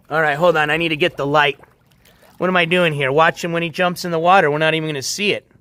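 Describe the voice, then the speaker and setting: A livestream host with a high voice rambles easygoingly to viewers next to a backyard pool at night, chuckling often. He talks a little fast with frequent pauses in a steady, pushed, bright tone. The handheld phone gives a dry, close sound without echo.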